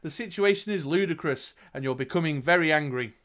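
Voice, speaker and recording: A man's voice: fairly high pitch, brisk, a bit bright. A young man reading a fantasy gamebook aloud on a live stream, breaking off to chat and laugh. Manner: reads the book aloud with laughing asides. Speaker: game master reading the gamebook.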